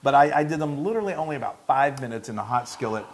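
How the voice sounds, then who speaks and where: A man's voice: medium pitch, lively intonation, very fast, slight background noise. A man hosting a cooking show in a home kitchen, explaining each step in a chatty, casual way with frequent restarts.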